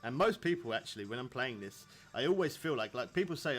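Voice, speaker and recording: Guy in his 30s, chatty streamer, mid pitch, laughs a lot, faint music behind. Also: expressive, fast, a bit bright. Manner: rambling, chatty, laughs often. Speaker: game streamer. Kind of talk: casual live-stream chat.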